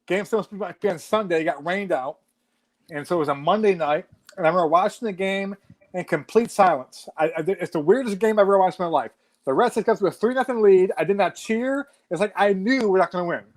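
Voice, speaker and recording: Man, 40s, high-pitched, lively casual storyteller who swears freely. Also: fast talker. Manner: animated storytelling with frequent swearing. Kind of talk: casual chat.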